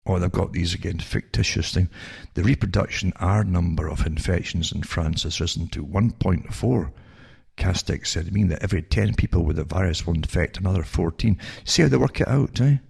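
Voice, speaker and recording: Older scottish man, very low, heavy vocal fry, raspy, sarcastic news reading, keeps tossing in "eh?". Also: fairly quick, a little mellow. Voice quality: very creaky, rough low voice. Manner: sardonic, asides like "eh?" and rhetorical questions. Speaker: radio talk show host. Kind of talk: reading news items aloud with sarcastic commentary.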